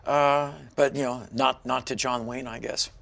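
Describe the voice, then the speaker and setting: A man's voice: mid-range voice, steady tone, unhurried, vocal fry, fairly bright tone. A man in his fifties from Washington, D.C., a guest in a casual interview, telling stories with animation and acting out other people's lines. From Washington, D.C., USA. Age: 50s.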